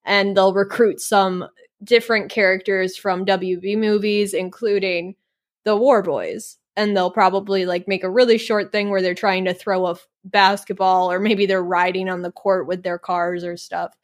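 A young woman co-hosting a casual podcast, whose voice sits at a middle pitch. She speaks with enthusiasm and a teasing edge. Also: steady tone, unhurried. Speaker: podcast co-host. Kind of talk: casual chat.

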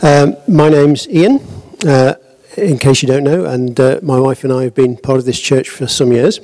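Middle-aged man, preacher, halting delivery, mellow warm tone. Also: mid-range voice, slight background noise, rough recording. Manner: hesitant, many ums and uhs, modest. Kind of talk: sermon.

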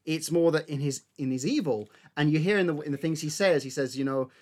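A man's voice: a little high, a little fast, a little mellow. A man co-hosting a casual film discussion, talking analytically and defending his reading point by point.

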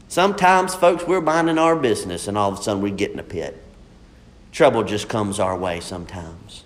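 A man's voice: medium pitch, expressive, normal speed. A man preaching a sermon in a folksy, emphatic way, repeating his points.

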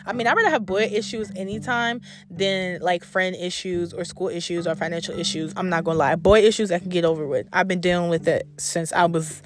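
A woman's voice: fairly low pitch, fairly quick, few pauses. A young adult woman telling a story to her camera in a blunt, profane, exasperated storytime rant. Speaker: vlogger.

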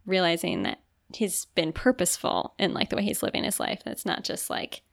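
A young woman co-hosts a podcast in loose, casual chat, giggling easily and filling her talk with "like." Her fairly low, gravelly voice is sing-song and a little fast, captured in clean studio sound with no echo.

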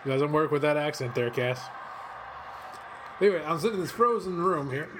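Background noise accompanies a fairly high-pitched male host from western Kentucky, USA. Working from a cold home office studio, he gives rambling, profane watch-along commentary and quickly flares into excited outbursts.

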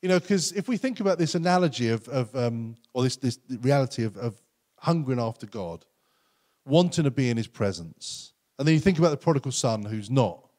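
A man preaching a sermon as pastor, earnest and conversational, often acting out quotes in lively voices. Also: medium pitch, a little fast.

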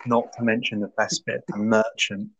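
Ranting podcast host. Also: male voice, on the low side, moderate pace, husky, dull audio. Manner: ranting, animated, laughs a lot, mock voices. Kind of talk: casual podcast chat.

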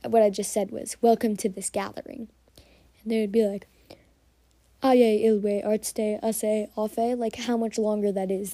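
A young woman hosts a solo podcast from a quiet room at home, rambling casually with plenty of fillers and a few whispered asides. Her voice is mid-range with a dark tone, and the recording is dry.

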